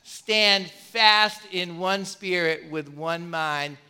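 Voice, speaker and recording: A male pastor preaching a sermon with passion, often asking the congregation rhetorical questions and swinging between loud and soft. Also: high voice, very slow, clear, resonant tone. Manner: passionate, varies loudness a lot, rhetorical questions.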